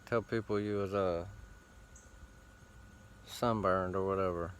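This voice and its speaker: A man with a fairly low voice talks in a loose, meandering way, cursing freely and stringing thoughts together with fillers. He sits outdoors against a tree, and faint ambient sound drifts in behind him. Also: steady tone, slow, slight background noise. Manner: loose, profane, meandering talk with frequent fillers. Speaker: host. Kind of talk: casual rambling monologue.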